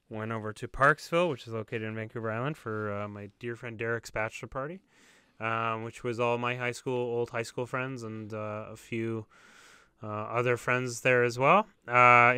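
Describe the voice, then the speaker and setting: A young man with a bright, forceful voice that comes through smooth and crisp, close and dry. He jokes and teases his co-host in a loose, animated podcast chat. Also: medium pitch, no room sound. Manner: joking, animated, teasing. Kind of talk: casual chat.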